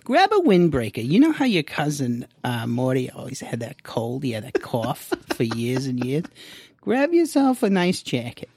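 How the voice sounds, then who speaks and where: A fretful, overprotective older man frets and nags with careful advice, as a man puts the voice on for a comic podcast bit. The voice sits high and pushes loud, with a gravelly rasp underneath. It is recorded close and dry in a studio. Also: wildly swooping pitch, moderate pace, dry recording, exaggerated voice. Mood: nagging. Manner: worrying, nagging, overprotective.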